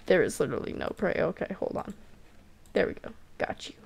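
A woman casually commenting while playing a game, giggly, excitable and self-mocking. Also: lowish voice, a little fast, creaky. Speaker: gamer playing a cat role-play game. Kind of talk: casual let's-play commentary.

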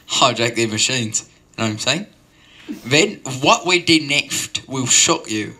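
A man rambles through an absurd stand-up story with a deadpan delivery. His voice sounds very bright and forward, at an ordinary male pitch. He keeps wandering off into digressions and then coming back to the story. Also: slow. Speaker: open-mic comedian.

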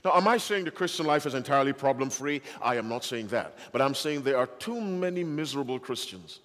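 Male preacher, sermon, animated pitch, asks the audience questions, reverberant hall. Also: brisk. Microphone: handheld or stand microphone.

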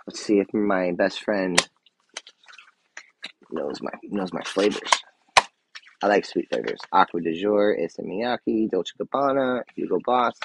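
Low-pitched and creaky, a man in his thirties gushes excitedly over a casual live stream against a noisy background. He fills his talk with fillers and restarts, now and then sinking to a soft murmur.

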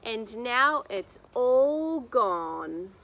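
Woman voicing a little bear cub, storybook, squeaky high voice, plaintive, lively ups and downs. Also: slow, exaggerated voice. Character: tiny eager young male bear cub.

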